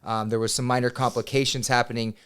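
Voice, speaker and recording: A man in his thirties, a podcast guest, telling a personal story in a casual, animated way with some swearing. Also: medium pitch, fast talker, clean tone. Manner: animated, swears, quotes himself loudly. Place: podcast studio.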